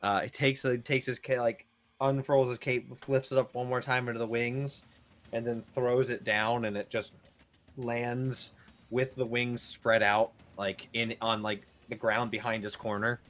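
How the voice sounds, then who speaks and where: Guy dm narrating slow, lots of ums and likes, gets animated. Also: medium pitch. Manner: rambling, full of fillers, animated. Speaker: dungeon master. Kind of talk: narrating a tabletop game.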